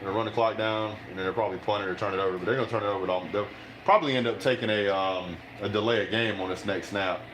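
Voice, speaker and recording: A man's voice: on the low side, steady tone, fast talker, noisy background. A man hosting a live football reaction stream, chatting with viewers and hollering at the plays.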